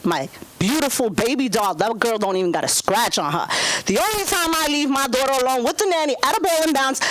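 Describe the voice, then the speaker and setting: Woman stand-up, 30s, brash and profane, high-pitched and bouncy, club mic with a faint hiss. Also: a bit bright, poor audio. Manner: brash, profane, swings into high squealing voices for quoted people. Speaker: stand-up comedian. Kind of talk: stand-up set at an open mic. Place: comedy club stage.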